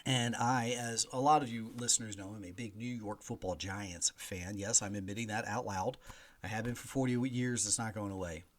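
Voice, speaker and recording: A man's voice: on the low side, moderate pace. A man in his forties hosting a podcast, chatting casually and animatedly through movie reviews and news. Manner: animated, chatty, mock voices in quotes. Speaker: podcast host. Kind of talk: solo movie review chat.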